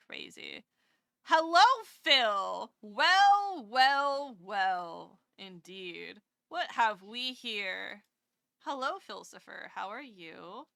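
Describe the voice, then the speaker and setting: A woman's voice: medium pitch, creaky, bright, forceful tone, clean tone, no echo, studio quality. A woman VTuber streamer chatting casually with her viewers live, rambling and self-deprecating, gushing over kind messages.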